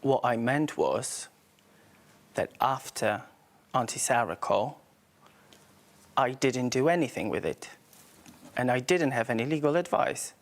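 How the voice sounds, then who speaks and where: A man gives hesitant testimony as a defendant on a courtroom show. His speech is halting, broken by pauses and restarts, and his voice sits at a plain middle pitch. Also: expressive.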